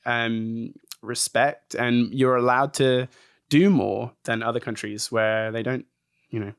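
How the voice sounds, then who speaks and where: A man from England, a guest actor telling stories in a casual podcast interview, chatty and animated. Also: medium pitch, slow, clear, resonant tone, dry recording, clean studio sound. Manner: chatty, animated storytelling with acted quotes.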